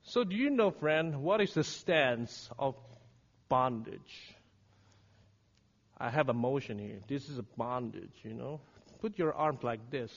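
A man preaching a sermon, dramatic and swinging from hushed words to shouting. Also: fairly high pitch, animated, slow. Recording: reverberant hall, dull lo-fi sound.

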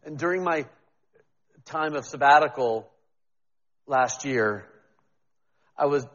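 A man's voice: mid-range voice, slow pace, fairly bright tone, long reverb tail, lo-fi sound. A man preaching a sermon as pastor, talking in a conversational, self-deprecating way with frequent restarts.

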